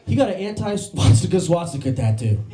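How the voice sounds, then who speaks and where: A man doing a stand-up comedy set, telling animated stories and slipping into voiced impressions. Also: high-pitched, a little fast, reverberant, faint music behind. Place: comedy club stage.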